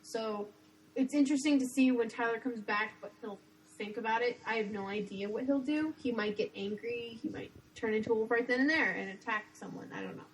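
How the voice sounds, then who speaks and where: A woman's voice: on the high side, fairly quick, rough recording. A young woman co-hosting a fan podcast in casual chat, frank and opinionated, rambling a little. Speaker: podcast co-host.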